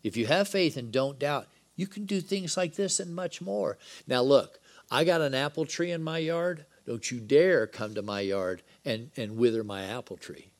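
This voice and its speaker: A man preaches a Bible-study sermon conversationally, at a medium pitch and normal speed with few pauses. Between scripture passages he drops joking asides, and he reads the scripture dialogue with lively emphasis.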